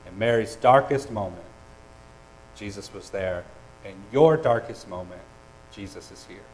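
A man preaching a sermon, earnest and personal, with hesitant restarts and swings between loud and soft. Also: fairly low pitch, unhurried, slight background noise, rough recording. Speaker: pastor.

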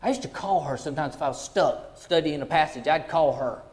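Folksy preacher, fairly high voice. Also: male voice, fairly quick. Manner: folksy, heartfelt, swings from hushed to loud. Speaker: pastor. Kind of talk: sermon storytelling.

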